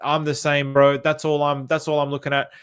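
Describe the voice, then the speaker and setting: A man's voice: fairly high pitch, completely flat delivery, fairly quick, clean tone. An Australian man chatting casually on a livestream, thinking aloud with lots of fillers and restarts as he reacts to viewer comments. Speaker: crypto chart commentator.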